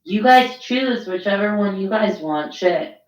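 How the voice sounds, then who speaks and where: A woman's voice: medium pitch, animated, unhurried, echoey room, dull audio. A woman chatting bluntly and jokingly on a live talk stream, with casual profanity.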